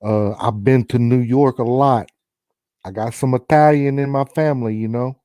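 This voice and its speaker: A man's voice: mid-range voice, fairly even intonation, moderate pace, dark tone, smooth, no echo, studio quality. A man from Chicago hosting a paranormal livestream, chatting casually and laid-back with viewers and calling on spirits. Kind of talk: casual live chat.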